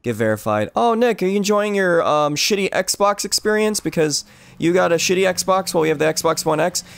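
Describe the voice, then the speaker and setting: Man, gaming host, excitable and teasing, high voice, swooping lively pitch, slow drawl. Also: creaky, clean tone, no room sound. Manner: excitable, yelps and giggles, playful teasing. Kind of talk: casual gameplay chatter with friends.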